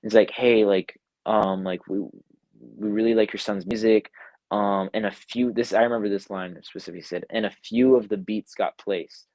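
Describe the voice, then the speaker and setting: Young man telling a story, low voice. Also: normal speed, dry recording. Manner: animated retelling, acts out quotes, says "like" often. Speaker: music producer, guest. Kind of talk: casual storytelling in an interview. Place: home, online live interview. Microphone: video call.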